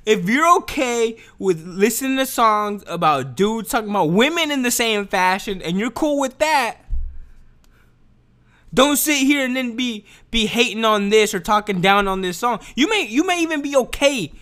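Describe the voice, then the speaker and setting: Animated, profane young man ranting. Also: very high voice, unhurried. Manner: profane, animated, repeats himself, slangy. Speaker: commentator. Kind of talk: casual opinion rant.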